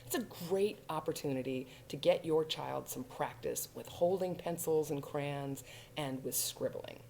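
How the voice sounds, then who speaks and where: A woman hosting a children's storytime, speaking to little kids in a warm sing-song way. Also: low voice, a little slow, vocal fry, a little hiss or hum. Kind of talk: children's storytime reading and singing.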